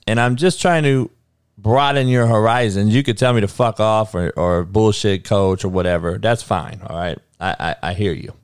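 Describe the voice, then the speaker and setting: A man hosting a livestream, swearing freely and throwing rhetorical questions at his chat, with a lot of stammered restarts. His voice is smooth and clear, at an ordinary pitch. It sounds dry and close, with no room echo. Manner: heated, profane, rhetorical questioning; frequent restarts and stammered repeats. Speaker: livestream host. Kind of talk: casual livestream talk answering chat.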